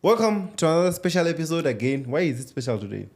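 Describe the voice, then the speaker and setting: A man's voice: fairly high pitch, big pitch swings, fast, a little mellow. A man hosts a podcast from a studio. His talk is loose and playful, and he slides between English and Tshivenda as he jokes with his co-host. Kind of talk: casual chat.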